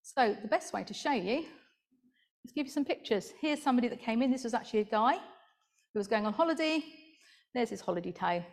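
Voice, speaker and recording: Lady podiatrist doing a conference talk, slightly high voice, chatty and jokey. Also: lively intonation, fairly quick, vocal fry, long pauses. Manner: chatty, gossipy asides, laughs at own jokes.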